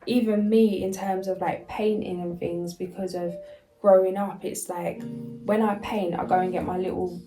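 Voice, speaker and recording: A woman's voice: medium pitch, level tone, normal speed, warm tone, faint music behind, low-quality recording. A woman doing a casual spiritual card reading, reading card messages aloud and then chatting loosely with fillers. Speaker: tarot and oracle card reader.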